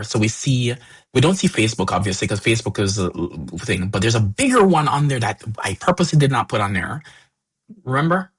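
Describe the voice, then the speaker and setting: A man's voice: lowish voice, slightly rough. A man co-hosting a casual tech podcast discussion, rambling with frequent restarts and fillers. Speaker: co-host.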